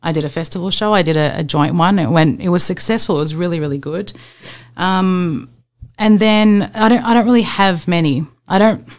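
Australian woman, comedian guest, lowish voice, casual chatty podcast talk, lots of ums. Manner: chatty, quick laughs, filler-heavy.

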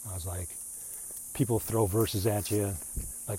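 A man's voice: fairly low pitch, fairly even intonation, measured pace, long pauses, warm tone, husky. A man in a casual, rambling monologue who keeps slipping into mocking put-on voices when he quotes other people. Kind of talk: casual monologue on reading the Bible.

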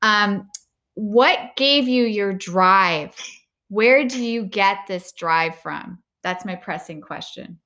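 A woman's voice: medium pitch, takes it slowly, bright, forceful tone. Chatty woman hosting a podcast. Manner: chatty, many fillers and restarts. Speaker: podcast host. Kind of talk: casual interview chat.

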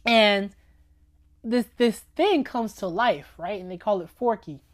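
A woman gives a casual faith talk, speaking conversationally and repeatedly asking "right?" and "you know what I'm saying?". Her voice is medium-pitched and unhurried.

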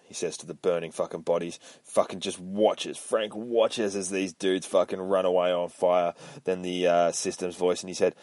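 A man's voice: deep voice, flat delivery, moderate pace, darkish tone, no echo. A man hosting a podcast, recapping a comic book in a profane, rambling, self-mocking way. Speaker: podcast host.

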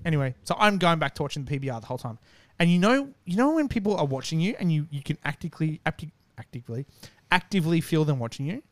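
Man, casual storytelling, swears freely, slightly high voice, dry close sound. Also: fast, no room sound. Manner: animated, profane, acts out quotes.

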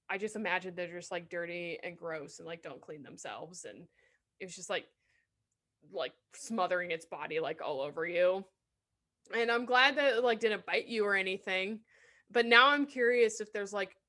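A woman's voice: mid-range voice, pushed and bright. A woman co-hosting a casual podcast chat, playful and jokey, swearing freely. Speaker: podcast co-host.

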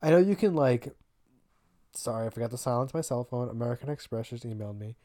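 Young Long Island woman, podcast co-host: very deep voice, offhand and sarcastic, swears. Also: animated, fast talker, mellow. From Long Island, New York. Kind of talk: casual chat.

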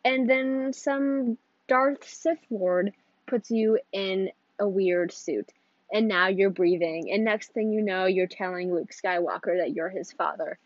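A woman's voice: mid-range voice, slow, no echo, highs cut off. A teenage girl hosting her own podcast, chatting casually in a rambling, giggly way that keeps interrupting itself. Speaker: podcast host. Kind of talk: casual solo podcast chat.

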